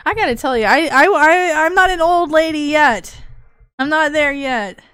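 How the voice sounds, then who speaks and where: Excitable swearing woman livestreamer. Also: high-pitched, normal speed, dry recording, studio quality. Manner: excitable, swears freely, laughs often. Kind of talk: casual livestream chat.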